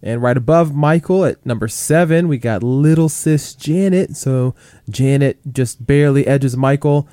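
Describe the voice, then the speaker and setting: A man's voice: mid-range voice, measured pace, warm tone, dry recording, studio quality. A man co-hosting a casual chart countdown podcast, chatty and full of fillers. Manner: chatty, many fillers like "you know" and "like".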